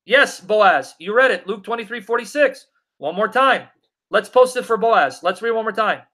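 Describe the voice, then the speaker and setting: High-voiced emphatic man preaching live. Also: expressive, sharp tone. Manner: emphatic, repeats questions to drive points home; reads scripture aloud in a slow, deliberate cadence. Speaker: live-stream Bible teacher. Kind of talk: live Q&A stream, reading viewer comments.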